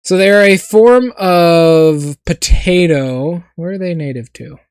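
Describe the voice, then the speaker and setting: A streamer reacting to a game on a livestream, swinging from low mumbles into profane, mock-furious shouting rants. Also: slow pace, clean tone, no echo.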